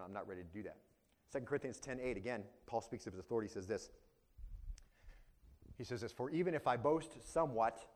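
A male pastor preaching a verse-by-verse sermon. He talks conversationally, keeps checking in with the congregation, and swings between loud emphasis and quiet asides. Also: mid-range voice. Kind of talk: expository sermon.

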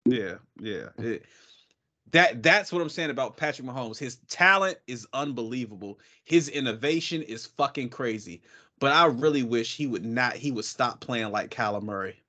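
A man co-hosting a casual sports podcast, talking in an animated, profane way and breaking into quick impressions of people. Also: medium pitch. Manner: animated, profane, mimics voices mid-rant. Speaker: podcast co-host.

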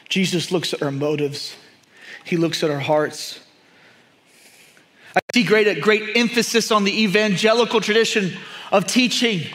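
A man preaching a sermon, emphatic and repetitive, often dropping to a hushed, intense tone. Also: sits high. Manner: emphatic, repeats key phrases, drops to hushed intensity.

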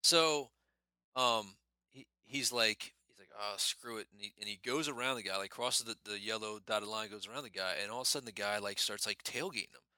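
A man's voice: fairly low pitch, fairly quick, sharp tone, no room sound. A man co-hosting a podcast, telling a story with lots of swearing and laughter in casual banter. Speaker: podcast co-host.

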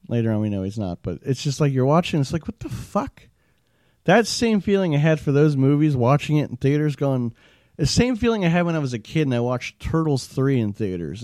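A man's voice: mid-range voice, dark tone, no room sound, studio quality. A young man ranting casually as a show host, rambling, profane and exasperated. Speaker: show host reviewing wrestling. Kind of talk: casual rant.

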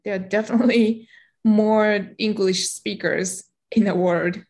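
A woman's voice: medium pitch, fairly even intonation, unhurried, darkish tone. A middle-aged woman with a Japanese accent, speaking English as her second language. She is a guest in an interview and tells her story in a reflective way, with frequent fillers and light laughter. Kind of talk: interview conversation.

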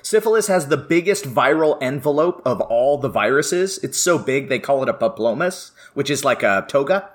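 A middle-aged man talks as a podcast guest, a chatty professor who tells stories and often breaks into laughter. His voice sits at an ordinary, middle pitch. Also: animated, normal speed, hardly any pauses. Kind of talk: casual podcast chat.

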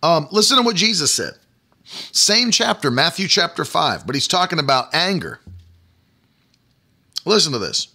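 Emphatic preacher man, bright voice. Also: fairly high pitch, big pitch swings, normal speed, long pauses. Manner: emphatic, repeats phrases, talks to online viewers. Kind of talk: livestreamed sermon.

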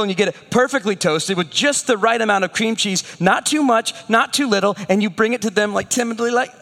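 A man preaching a sermon as pastor, animated and storytelling, with rhetorical questions. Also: high-pitched, brisk, hardly any pauses, big-room sound.

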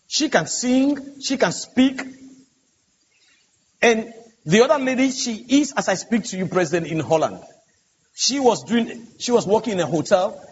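A man, a pastor on a conference panel, telling a story earnestly and emphatically, acting out the dialogue. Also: high-pitched. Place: large conference hall. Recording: dull, echoey conference hall audio with hiss.

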